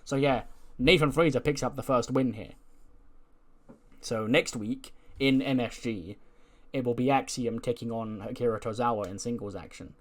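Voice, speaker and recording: A man casually narrating his wrestling game playthrough, chatty and quick to laugh. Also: mid-range voice. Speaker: let's play narrator.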